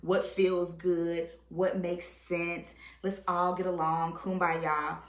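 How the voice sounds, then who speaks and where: A woman with a lowish voice talks as a guest in an easygoing conversation. She talks in an animated way, acting out what others said and often asking "right?". The sound carries a roomy echo. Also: slow pace. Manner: animated, acts out quotes, says "right?" often. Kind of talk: casual conversation.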